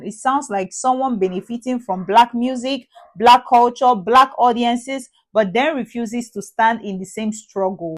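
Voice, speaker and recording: A woman hosting a reaction channel, giving measured, earnest explanatory commentary. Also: a little high.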